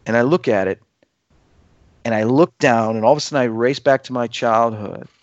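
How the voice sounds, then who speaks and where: A man's voice: mid-range voice, normal speed, no echo. A man in his fifties, a guest telling a personal story in casual conversation, acting out voices as he goes. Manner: animated, acts out dialogue with his voice. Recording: dull lo-fi dry sound.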